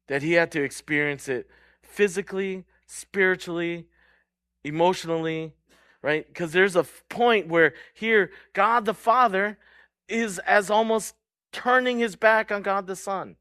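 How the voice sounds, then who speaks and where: A man preaching a sermon in an earnest way, moving between loud stressed words and hushed low lines, and often asking his listeners "right?". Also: no echo, clean studio sound. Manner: checks in with the crowd by asking "right?". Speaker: pastor.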